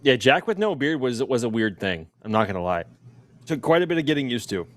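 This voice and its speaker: A man on a livestream, answering in short, playful refusals and quick quips. His voice is dry and close, with no room sound. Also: medium pitch, very animated, no echo. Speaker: livestream co-host. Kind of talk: casual livestream chat.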